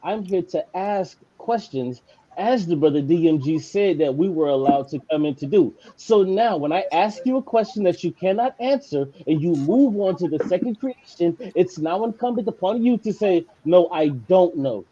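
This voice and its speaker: Insistent male caller, dark husky voice. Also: high voice, lively intonation, normal speed, muffled recording. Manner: insistent, repeats his questions. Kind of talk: live online debate.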